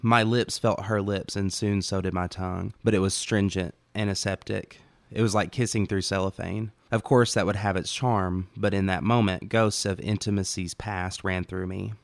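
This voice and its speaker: A man reading his own short story aloud as first-person audiobook narration, calm and even. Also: deep voice, normal speed, vocal fry, no room sound.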